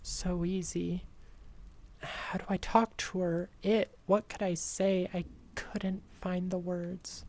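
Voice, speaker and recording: Slow dramatic woman telling a horror story. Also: lowish voice, little pitch movement, darkish tone. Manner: slow, dramatic, dropping to whispers. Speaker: streamer reading horror stories. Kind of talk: reading a creepypasta aloud.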